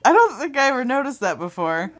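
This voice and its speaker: A woman guesting on a movie commentary podcast, with a slightly high, animated voice. She chimes in with wry, teasing remarks. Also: fast talker.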